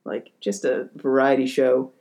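Male podcast co-host, mid-pitched, blunt and opinionated, swears freely. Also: level tone, a little slow, creaky, darkish tone. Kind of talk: casual chat.

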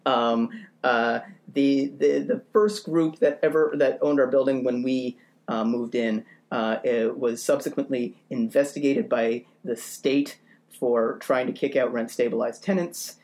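A man spinning a comic story on a podcast, animated and self-mocking. His voice leaps up in pitch as he rants, and he lingers on his own misadventures for laughs. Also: unhurried. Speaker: podcast co-host. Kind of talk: comedic storytelling.

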